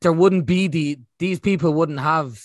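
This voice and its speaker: Young Irish male co-host, fairly high voice, loose and rambling, dry sound. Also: a little slow, no room sound. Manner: rambling, full of fillers. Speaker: podcast co-host. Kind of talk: casual chat.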